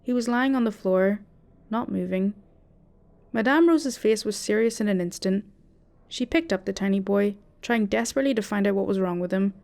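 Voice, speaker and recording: A woman narrating a first-person horror story in a steady, dramatic storytelling manner. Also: medium pitch, normal speed.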